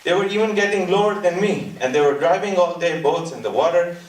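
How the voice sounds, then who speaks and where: A male stand-up comedian telling a story in a lively way, laughing at his own jokes and dropping into mimicked voices. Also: high-pitched, fairly quick. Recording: echoey stage audio from a distant mic.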